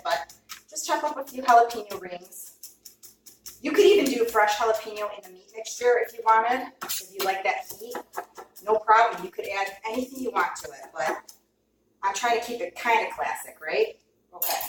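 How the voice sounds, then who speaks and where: A woman chatting excitedly to viewers as she cooks and tastes food, gushing and talking straight to the camera. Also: mid-range voice. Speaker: cooking vlogger. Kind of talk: casual cooking chat to camera. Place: home kitchen. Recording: echoey kitchen, mic at a distance. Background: clinking dishes and cutlery.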